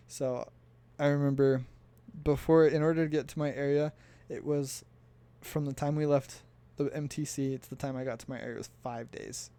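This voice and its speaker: Mellow-voiced young man telling stories. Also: mid-range voice. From United States. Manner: chatty, laughs while recounting. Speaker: vlogger. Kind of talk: casual storytelling.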